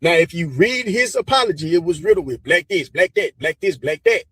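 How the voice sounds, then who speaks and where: American guy going off on camera, preachy and pushy, raspy voice, pretty high. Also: expressive, fairly quick, fairly bright tone, no echo. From United States. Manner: emphatic, preachy, addresses viewers directly. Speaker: social media commentator. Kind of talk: direct-to-camera commentary.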